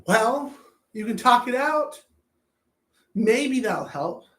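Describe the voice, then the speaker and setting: A man's voice: extremely high pitch, animated, takes it slowly, a bit bright. A man coaching anger management in a blunt, profane self-help talk, often repeating words as he thinks. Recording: roomy echo.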